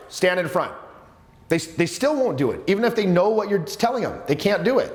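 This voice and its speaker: A man coaching a live workshop on social skills, talking in an animated, emphatic way with many restarts. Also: high voice, fast. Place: seminar room with students. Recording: echoey room.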